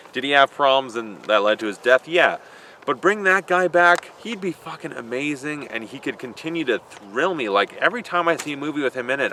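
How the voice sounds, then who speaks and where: A man's voice: mid-range voice, pushed and bright, slight background noise. A man casually answering viewer questions outdoors, rambling and joking with frequent swearing. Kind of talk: casual Q&A vlog. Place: outdoors in a built-up area.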